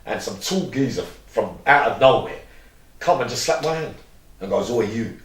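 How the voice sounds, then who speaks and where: A man's voice: medium pitch, lively intonation, moderate pace, fairly bright tone, recorded from a distance. A man, an interview guest telling long, rambling stories and acting out what others said. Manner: rambling, acts out quoted dialogue. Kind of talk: candid storytelling interview. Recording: roomy echo, mic set back.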